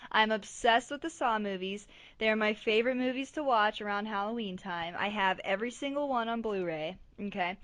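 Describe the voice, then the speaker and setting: A woman's voice: medium pitch, normal speed, dry recording. Bubbly young woman, dry close sound. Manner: bubbly, excitable, laughs often. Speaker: podcast co-host. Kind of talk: casual chat.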